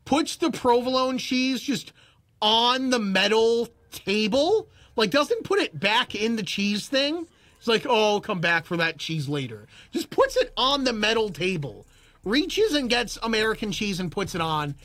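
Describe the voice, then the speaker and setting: A young man livestreaming, telling a story in animated chat and acting out both sides with bursts of disbelief. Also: high voice, unhurried. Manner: acts out both sides of a story, rising to near-shouts in disbelief.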